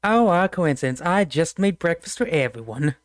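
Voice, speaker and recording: A game master voicing a doting, grandmotherly Southern belle woman in a sweet, fussy, motherly manner with a high sing-song coo. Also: lively intonation, moderate pace, no room sound, studio quality, natural voice.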